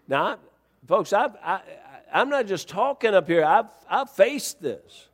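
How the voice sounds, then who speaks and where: A male pastor preaching a sermon, telling a story and rising to near-shouts as he acts out the exchange. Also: high-pitched, very animated, a little slow, big-room sound.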